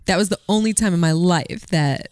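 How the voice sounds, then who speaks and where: A woman with a low, lower-register voice tells a story in relaxed conversation, animated and quick to laugh. She is co-hosting a podcast, and her voice sits close and dry with no room around it. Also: no room sound. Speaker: podcast co-host. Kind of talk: casual chat.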